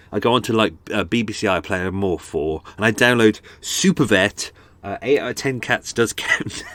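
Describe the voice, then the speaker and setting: A man talks in a loose, waffly way, doubling back and restarting his sentences as he goes. His voice sits on the low side and sounds a little stuffed up. He is close on a microphone in a dry, dead space aboard a houseboat. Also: no room sound. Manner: waffly, chatty, self-deprecating, lots of restarts. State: blocked-up nose. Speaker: podcast host. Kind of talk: casual rambling chat. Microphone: close studio microphone.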